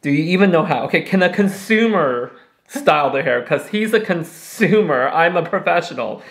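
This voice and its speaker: A man, a professional hairstylist, reviewing a flat iron in a chatty, excitable, dramatic way. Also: a little high, moderate pace, gravelly. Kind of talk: casual product review vlog.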